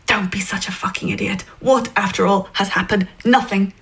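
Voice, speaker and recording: A woman narrating a story in the second person, in a hushed, intimate way that often sinks toward a whisper. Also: medium pitch, steady tone, normal speed, creaky, low-quality recording.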